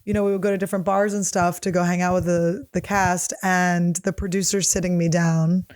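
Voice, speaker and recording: A woman in her thirties hosts a podcast, telling a comic story in a loose, rambling way, full of profanity and fillers. Her fairly low voice is brisk and a little mellow, with little pitch movement. It's casual comedic storytelling.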